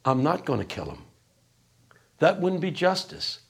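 A man voicing a calm, soft-spoken older mob boss who speaks low and measured. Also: vocal fry, husky, exaggerated voice. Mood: calm menace.

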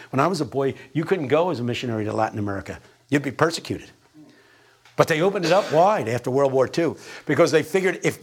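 An older male preacher with a gravelly, husky voice. He preaches in an emphatic, folksy way, building his points in rhythm and dropping in wry asides. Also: a little high. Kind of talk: sermon.

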